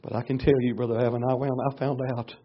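A man, a pastor preaching a storytelling sermon in a folksy way, going from hushed to loud. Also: mid-range voice, flat delivery, fast, breathy edge. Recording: dull lo-fi recording.

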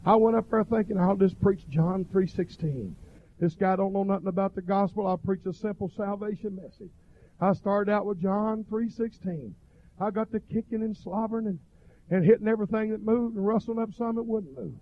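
A middle-aged man preaching a fervent revival sermon that swells into shouted cries. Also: sits high, steady tone, moderate pace, a little hiss or hum. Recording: dull lo-fi recording.

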